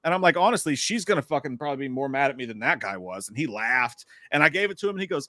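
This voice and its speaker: An animated man talks quickly, acts out the lines of people in his story and swears freely. His voice is bright and a little high. The sound is dry and close. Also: dry recording. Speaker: podcast co-host. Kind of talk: casual storytelling chat.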